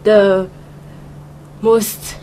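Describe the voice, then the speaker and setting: A woman's voice: mid-range voice, flat delivery, very slow, warm tone, low-quality recording. A woman in her early twenties, a pageant contestant from Saint Lucia, speaking shyly with hesitations. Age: 20s. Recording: faint hum behind.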